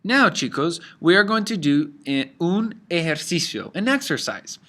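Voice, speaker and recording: Upbeat, bright-voiced male teacher. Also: high-pitched, sing-song, measured pace. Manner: upbeat, explains patiently, mixes Spanish into English. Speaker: Spanish teacher. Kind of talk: language lesson.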